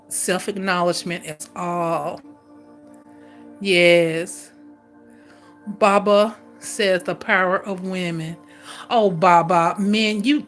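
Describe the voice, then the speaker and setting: A woman hosting a casual livestream who reads viewer comments, laughing often and teasing them as honey. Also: mid-range voice. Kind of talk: casual chat.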